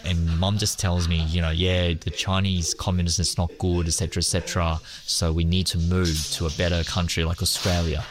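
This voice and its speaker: A man from Hong Kong, a school teacher, answering interview questions hesitantly with many pauses and fillers. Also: deep voice, flat delivery.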